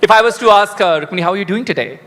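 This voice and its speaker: A man's voice: sits high, racing, pushed and bright. A man hosting an on-stage interview, asking friendly, rambling questions full of fillers. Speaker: interviewer host. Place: large indoor conference stage. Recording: reverberant event hall.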